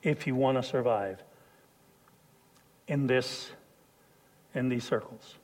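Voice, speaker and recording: A man preaching a sermon, telling a personal story and swinging from hushed lines to loud shouts. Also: medium pitch, slow.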